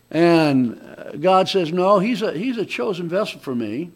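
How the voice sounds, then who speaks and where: A man preaching a conversational sermon, often restarting his sentences and swinging between loud emphatic lines and quiet asides. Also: high voice, animated, unhurried.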